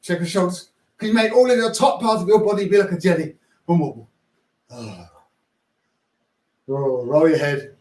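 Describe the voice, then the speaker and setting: A man teaching primary school music, leading children's warm-ups with upbeat, playful, coaxing instructions. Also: high-pitched, moderate pace, pauses often. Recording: echoey room.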